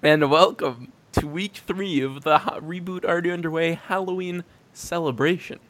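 A young man co-hosts a casual podcast chat, playful and quick to laugh. His voice sits a little on the higher side. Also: fairly even intonation, fairly bright tone. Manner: jokey, laughs often. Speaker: podcast co-host.

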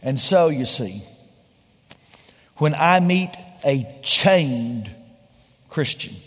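A man preaching a sermon as pastor, swinging between loud emphatic lines and hushed, slow ones. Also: mid-range voice, lively intonation, husky. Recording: large hall with long reverb.

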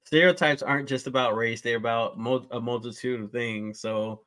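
A man with a mid-pitched voice talks on a casual podcast. He thinks out loud and restarts his sentences as he argues his point. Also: steady tone. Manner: thoughtful, works through his point in halting restarts. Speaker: podcast co-host. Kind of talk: casual chat.

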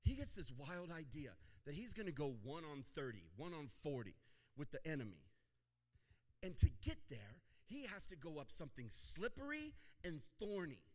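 A man preaching a sermon as pastor, joking with the congregation and acting out little scenes in a lively way. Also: on the high side, moderate pace.

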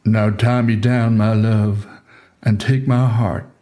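A man voicing a proud, boastful strongman lover, speaking calmly and teasingly. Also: fairly low pitch, slow pace.

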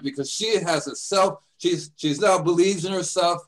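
A man's voice: high voice, expressive, moderate pace, few pauses, fairly bright tone, rough recording. An older man hosting a radio show, chatting casually and rambling through stories. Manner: rambling storyteller, acts out voices in his anecdotes. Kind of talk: casual chat.

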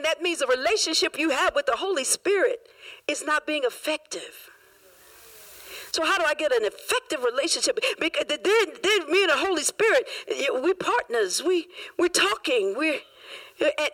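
Woman pastor, bright, high voice, emphatic preaching in church. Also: distant mic, rough recording. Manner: emphatic, repetitive, rising to shouts. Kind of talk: sermon.

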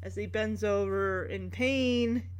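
A woman casually recapping a story scene by scene, chatty and quick to laugh, often breaking into the characters' lines. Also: medium pitch, clean tone. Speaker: show recap host.

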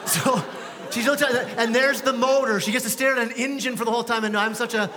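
A man's voice: very high-pitched, fairly even intonation, fast, big-room sound, crowd noise. A man preaching a sermon as pastor, conversational and joking at his own expense. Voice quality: conversational, self-deprecating humor. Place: church sanctuary.

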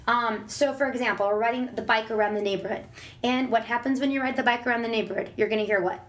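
A woman's voice: a little high, fast talker. A woman, a parent, talking casually and animatedly about raising her child and acting out voices when she quotes. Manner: animated, acts out exaggerated voices when quoting. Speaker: parent sharing advice. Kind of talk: casual advice chat.

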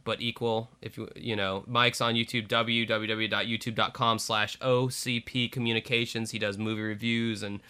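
A man's voice: fairly low pitch, little pitch movement, moderate pace, few pauses, bright, forceful tone, clean tone. A man co-hosting a podcast, chatting casually and plugging his channels with self-deprecating humor. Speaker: podcast co-host. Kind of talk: casual chat.

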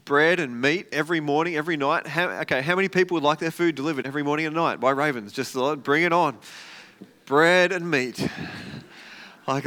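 A man preaching a casual, storytelling sermon as a pastor, acting out the characters' lines with energy. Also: on the high side. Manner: conversational, animated storytelling with acted-out quotes.

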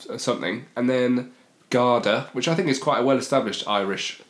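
A man's voice: medium pitch, brisk, a bit bright. Dry-witted British man in a roomy echo. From Britain. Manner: dry, wry quips. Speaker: podcast co-host. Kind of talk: casual chat.

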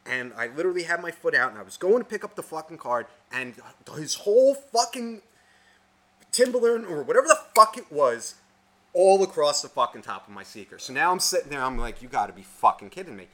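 A young man co-hosting a podcast, telling a story in a casual, profane, animated rant. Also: fairly high pitch, fairly quick. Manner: swears constantly, animated ranting. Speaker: podcast co-host.

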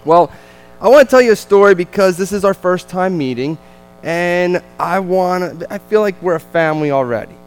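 A man with a New Jersey accent, a visiting missionary telling a lively, self-deprecating family story to a church congregation. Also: high voice, moderate pace, clean tone, soft background music, rough recording.

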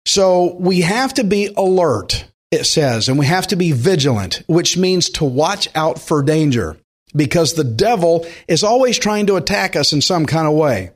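A man preaching a sermon in an earnest, conversational way, slowing down to stress key points. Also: a little high, lively intonation. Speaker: pastor.

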